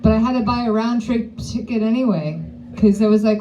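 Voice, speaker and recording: A woman's voice: a little high, moderate pace, darkish tone, low-quality recording. Chatty woman comic coaxing the crowd. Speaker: stand-up comedian. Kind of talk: live stand-up set. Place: live comedy venue. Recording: live venue with clear background noise.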